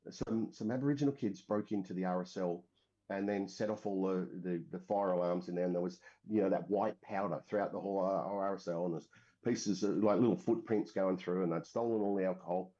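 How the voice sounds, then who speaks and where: A man's voice: lowish voice, a little fast, dark tone. An Australian man from Western Australia, a middle-aged military veteran telling his story in a casual, rambling way with many fillers and restarts. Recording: dull lo-fi recording.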